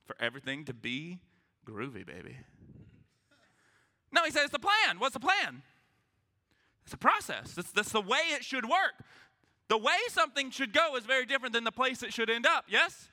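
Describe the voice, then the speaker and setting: A male pastor preaches from a church stage with a high, very bright voice that swoops all over the place. He jokes with the room and acts out quick voices to make his points. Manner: animated, joking, acts out voices. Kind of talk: sermon. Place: church sanctuary with congregation.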